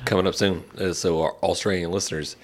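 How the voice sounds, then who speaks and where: A man on a casual podcast, joking around and tossing in quick asides. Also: low-pitched, steady tone. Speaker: podcast co-host. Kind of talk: casual chat.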